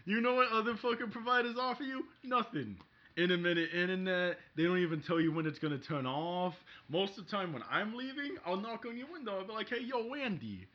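A man's voice: high-pitched, expressive, a little fast, voice pushed up. A man voicing a brash male internet-provider guy from the Bronx, swaggering and saying "bro" constantly, in a Bronx accent. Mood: boastful. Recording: dull lo-fi podcast audio.

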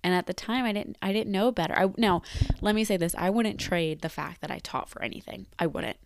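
A woman's voice: medium pitch, brisk, dry recording. A woman in her twenties, a teacher, talking candidly and reflectively about her job in a personal vlog, repeating words for emphasis. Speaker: teacher leaving the profession.

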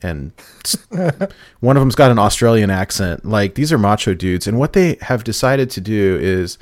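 A man casually telling a long story on a podcast, excited and laughing as he goes, often acting out quotes. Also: fairly low pitch, normal speed, dry recording, studio quality. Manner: animated storytelling, laughs, mimics people in quotes. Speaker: podcast host.

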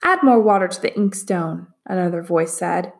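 A woman voicing a wise older male master painter who speaks in a measured, hushed way in a storybook reading. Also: lowish voice, expressive, creaky.

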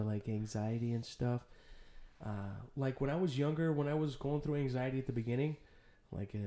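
A man from San Jose, a podcast guest, telling personal stories in casual, animated talk with plenty of swearing. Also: mid-range voice. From San Jose, California. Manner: animated, swears freely, storytelling. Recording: roomy echo.

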